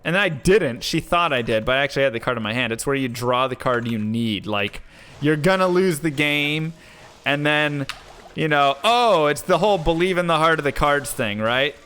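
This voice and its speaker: A man live-streaming, telling a rambling story in a casual, animated way with lots of filler words. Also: a little high, moderate pace, a little hiss or hum. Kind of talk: casual storytelling while gaming.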